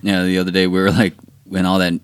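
A male comedian tells a rambling, animated story on a podcast. His voice sits very low. The sound is close and dry. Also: fast, smooth, no echo. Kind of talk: casual chat, storytelling.

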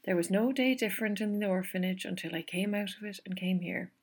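Young maid, voiced by a woman, kitchen servant, brisk, teasing, homely, gravelly. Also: mid-range voice, steady tone, close to an everyday voice. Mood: brisk, fond.

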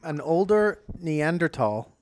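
A man co-hosting a comedy podcast, reading a news item slowly and deliberately. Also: fairly high pitch, sing-song, dry recording. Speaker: podcast co-host.

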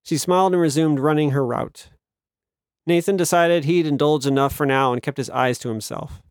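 A male narrator reading a novel in steady, measured storytelling. His voice sits a bit high for a man. The recording is dry and close, with no room sound. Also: no echo. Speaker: audiobook narrator. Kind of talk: scripted narration.

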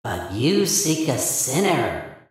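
Eerie masked child-creature girl, slow and hushed, drenched in echo; a male narrator voices her. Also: mid-range voice, big pitch swings. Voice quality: soft, hushed, echoing.

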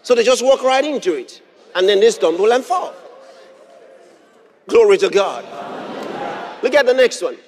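A man preaching a sermon, reading scripture aloud and repeating key phrases with emphasis, sometimes bursting into shouts. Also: sits high, lively intonation, normal speed, long pauses. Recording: long hall reverb.

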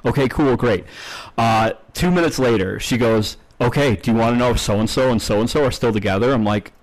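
A man's voice: mid-range voice, a little fast, rough recording. A man co-hosting a podcast, ranting bluntly and swearing a lot in casual chat. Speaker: podcast co-host.

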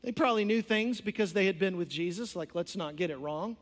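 A man's voice: high-pitched, fairly quick. A man preaching an impassioned sermon as a pastor, with storytelling and conversational asides. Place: church sanctuary. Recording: long church hall reverb.

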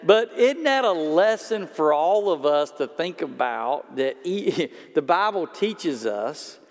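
A man's voice: on the high side, expressive, slow. A man, a pastor preaching a sermon in a conversational storytelling way and talking straight to his congregation. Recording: long hall reverb.

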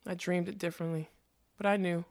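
Woman reader voicing a self-doubting male magician: rueful, heavy-hearted, low-pitched. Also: flat delivery, a little fast, darkish tone, natural voice. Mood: weary.

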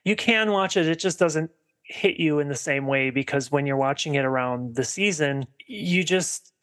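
A man with a somewhat high voice co-hosts a casual movie podcast. He rambles through his thoughts, piling up fillers and starting sentences over as he goes. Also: normal speed, fairly bright tone. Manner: rambling, heavy on filler "like" and restarts. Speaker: podcast co-host. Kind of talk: casual film discussion.

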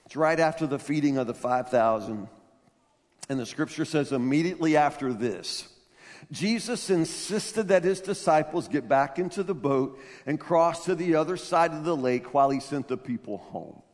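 Pastor preaching in a reverberant hall. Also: male voice, fairly high pitch, moderate pace. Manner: animated storytelling, rising to loud emphatic peaks. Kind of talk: sermon.

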